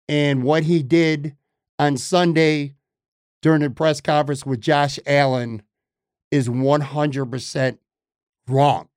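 A man's voice: fairly high pitch, a little mellow, clean tone, no room sound, studio quality. A man hosting a sports podcast, delivering an emphatic, opinionated monologue that repeats points for stress. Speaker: podcast host.

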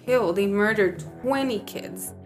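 A woman's voice: medium pitch, soft background music. A young woman co-hosting a podcast, chatting earnestly and often agreeing. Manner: conversational, earnest, quick to agree. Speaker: podcast co-host. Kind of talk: casual chat.

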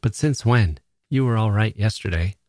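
A man's voice: lowish voice, lively intonation, moderate pace, darkish tone, dry recording, clean studio sound, close to an everyday voice. A man voicing a cheerful young soldier with a light, joking, offhand manner. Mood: breezy.

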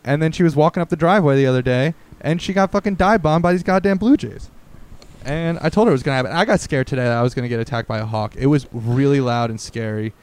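A man in his thirties co-hosting a casual podcast, rambling and joking with a lot of swearing and animated bursts. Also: medium pitch, fast, smooth. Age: 30s. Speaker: podcast co-host. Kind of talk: casual chat.

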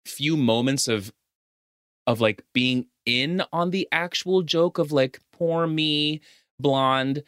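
A man co-hosting a podcast, chatting casually about a film in a halting way, often restarting his sentences. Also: medium pitch, lively intonation, fairly bright tone, no echo, studio quality. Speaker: podcast co-host. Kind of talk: casual movie chat.

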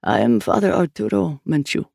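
A man reading an audiobook, voicing a deep-voiced, older male priest who explains things in a measured, calm way. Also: vocal fry, no echo, studio quality, exaggerated voice.

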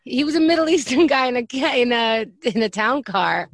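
A woman chatting casually, making brief, relaxed remarks. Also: a little high, brisk, no echo, studio quality. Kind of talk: casual chat.

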